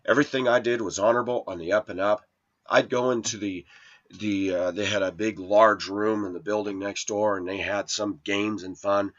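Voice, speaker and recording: Man, lower voice, aggrieved monologue vlogger, muffled lo-fi audio. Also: fairly even intonation, normal speed, fairly bright tone. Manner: aggrieved, complaining, voice rising when quoting arguments. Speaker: vlogger telling a personal story. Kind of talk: rambling first-person monologue. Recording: lo-fi dull sound.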